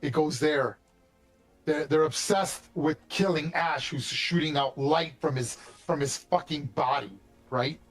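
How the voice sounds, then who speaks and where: A man's voice: fairly high pitch, measured pace, soft background music. A man running a tabletop game as game master, in a casual, chatty way that slips into light swearing.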